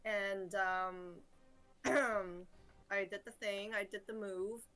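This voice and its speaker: A woman's voice: mid-range voice, fairly even intonation, very slow, sharp tone, soft background music. A woman playing a tabletop game, playful and casual. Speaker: player.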